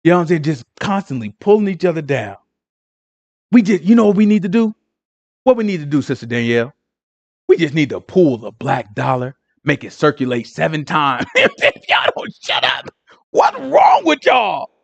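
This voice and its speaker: In an informal Sabbath teaching, a man addresses his congregation in an animated, conversational way packed with rhetorical questions. His voice is a little high and a little fast. The recording is muffled, with no room sound.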